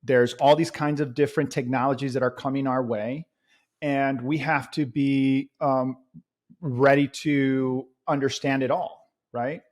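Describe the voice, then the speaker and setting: A man's voice: mid-range voice, steady tone, measured pace, darkish tone. A man chatting casually as a podcast guest, rambling with lots of fillers and restarts as he tells a story.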